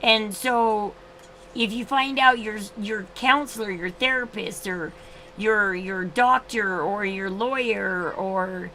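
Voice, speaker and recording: A woman's voice: mid-range voice, slow pace, bright, forceful tone, a little hiss or hum, low-quality recording. A woman in her thirties hosting a casual livestream, chatting in a rambling way with frequent restarts. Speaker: livestream host.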